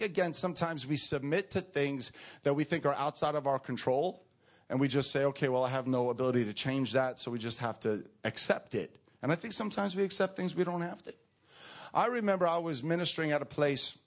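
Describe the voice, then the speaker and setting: A man preaching a sermon and telling a personal story to a congregation, animated, rising high for emphasis and dropping low and quiet for tender moments.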